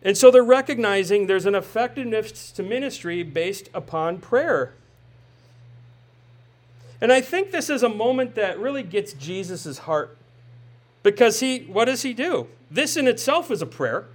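High-voiced man preaching conversationally. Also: sing-song, moderate pace. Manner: conversational preaching with rhetorical questions and tag "right?". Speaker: pastor. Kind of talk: sermon.

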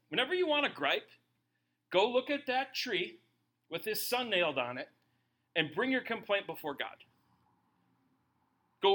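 A man preaching a sermon to his congregation, animated and conversational, often slipping into acted-out voices of the people in his stories. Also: sits high. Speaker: pastor.

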